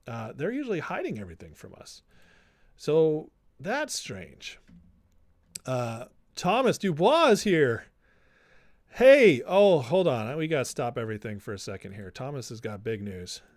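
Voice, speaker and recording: A man's voice: mid-range voice, sing-song, a little slow, no room sound. A man hosting a casual political livestream, talking loosely and reading viewer comments aloud. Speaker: livestream host.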